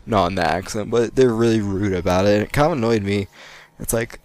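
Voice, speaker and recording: A young American man talks over a game recording in a loose, rambling way, drifting between the action and unrelated tangents. His voice sits a little low, and he laughs often. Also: normal speed. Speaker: let's play gamer. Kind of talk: post-recorded gameplay commentary.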